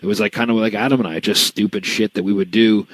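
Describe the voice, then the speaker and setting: A middle-aged man co-hosting a podcast, talking fast with a lowish voice and rambling eagerly through his points. The sound is dry and close. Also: fairly even intonation, no room sound, poor audio. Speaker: co-host. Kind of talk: casual podcast chat.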